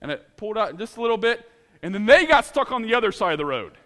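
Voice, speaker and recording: A man from Ohio telling a personal story in an animated, dramatic way, laughing at himself as he goes. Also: high voice, fast, big-room sound.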